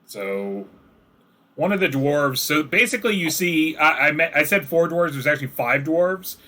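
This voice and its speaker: A man's voice: on the high side, lively intonation, moderate pace, bright, forceful tone. A man narrating as game master, describing scenes casually with many fillers.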